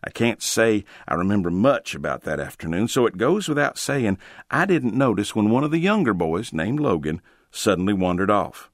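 A man's voice: lowish voice, animated, no room sound, studio quality. A man narrating a first-person ghost story in a dramatic storytelling manner. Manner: dramatic, drawn-out storytelling with sudden shouted quotes.

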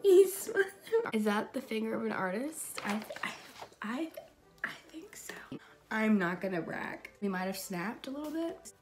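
Over background music and some background noise, a makeup YouTuber talks in a mid-range voice. She draws while chatting in a casual vlog style, wandering off into self-deprecating remarks.

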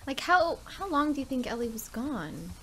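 A woman hosting a let's play, chatting casually and thinking aloud, now and then dropping to soft asides. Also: high voice, big pitch swings, normal speed, a little hiss or hum. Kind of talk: casual gameplay commentary.

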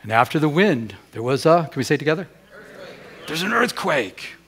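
Pastor guy preaching in church, kinda high voice, keeps asking the crowd questions, loud then quiet. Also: expressive, fairly quick. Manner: asks the congregation rhetorical questions; swings between loud and hushed. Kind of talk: sermon. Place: church during a Sunday service.

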